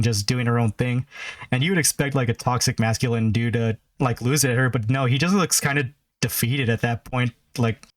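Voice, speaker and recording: A man co-hosting a podcast, recapping in a loose, rambling way full of fillers. His voice sits at an ordinary middle pitch. The sound is dry and close, with no room in it. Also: no echo. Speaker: podcast co-host. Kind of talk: casual chat.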